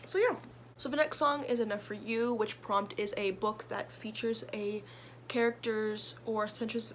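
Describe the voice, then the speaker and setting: A young woman who vlogs about books chats casually about her reading list, rambling with lots of fillers and restarts. Her voice is on the high side, with fairly even intonation at normal speed, and there's slight background noise.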